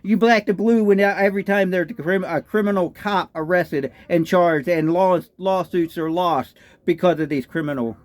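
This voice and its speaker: A high-voiced man with a Texan drawl rants in indignant political commentary, hammering his points with repeated rhetorical questions. His voice is recorded close and dry, with no room sound. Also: moderate pace, hardly any pauses, no room sound. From Texas. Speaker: political vlogger. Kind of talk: ranting commentary.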